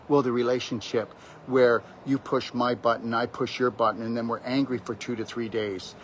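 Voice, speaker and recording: A man of middling pitch delivers a loose, preachy health pep talk. He speaks emphatically and keeps turning to address the listener head-on. A faint hum of ambience sits under his voice. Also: fairly quick. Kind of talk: rambling motivational monologue.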